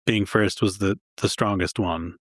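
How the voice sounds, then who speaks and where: A man's voice: deep voice, steady tone, measured pace, dry recording, clean studio sound. A male historian from Long Island, telling stories in a self-deprecating and enthusiastic way. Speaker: historian guest. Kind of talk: conversational storytelling.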